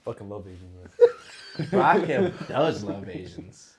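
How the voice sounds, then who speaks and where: A man's voice: lowish voice, measured pace, crowd noise. Young man telling a rowdy story. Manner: animated, profane, laughing storyteller. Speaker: podcast guest. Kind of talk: casual storytelling chat. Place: podcast studio.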